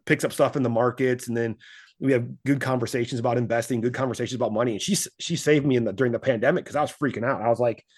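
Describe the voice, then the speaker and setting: A middle-aged man talks fast in a relaxed interview, tumbling from one story to the next. His voice sits at an ordinary pitch for a man, and he acts out the people he quotes as he goes. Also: slightly rough. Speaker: podcast guest, investing coach. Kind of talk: casual interview talk.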